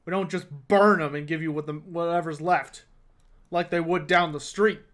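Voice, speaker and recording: A man voicing a large, greasy, scarred innkeeper with one eye, who talks curtly and gruffly in rough grammar. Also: on the high side, fairly even intonation, normal speed, fairly bright tone, lightly acted.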